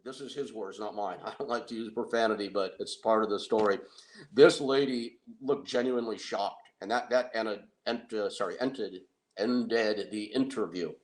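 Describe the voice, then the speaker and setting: Middle aged guy telling a story, kinda low voice, lively and laughs at his own stuff. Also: moderate pace. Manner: animated, self-deprecating, laughs often. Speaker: wrestling and MMA manager. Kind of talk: anecdotal storytelling.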